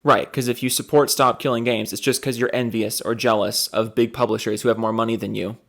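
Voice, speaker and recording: A young man talks over a clip in a medium-pitched voice, sarcastic and profane. He rambles and circles back on his own points, mocking the argument as he goes. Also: level tone, fairly quick, vocal fry, a bit bright. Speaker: video commentator reacting to a clip. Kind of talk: sarcastic reaction commentary.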